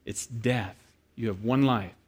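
A man preaching a sermon, telling a story with lively acted-out quotes and then speaking quietly and earnestly to the congregation. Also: mid-range voice, unhurried, husky. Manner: animated storyteller who acts out quoted voices, then turns quiet and earnest. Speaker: pastor.

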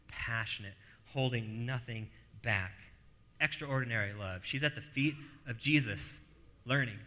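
A man's voice: mid-range voice, bright, forceful tone, big-room sound. A man preaching a sermon, emphatic and rhetorical, repeating phrases for stress.

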